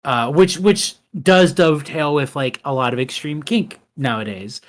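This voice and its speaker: A man's voice: fairly high pitch, expressive, normal speed. A man co-hosting a film podcast, talking casually and rambling, with many fillers and restarts.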